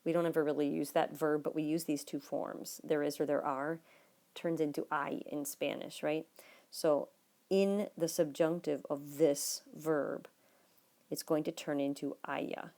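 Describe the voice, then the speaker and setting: Low gravelly lady teacher going over spanish notes, patient, talks right to the kids. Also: steady tone, a little slow, warm tone. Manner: explaining patiently, talking to students directly; drops to a low, near-whispered aside while writing. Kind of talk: recorded classroom lesson notes.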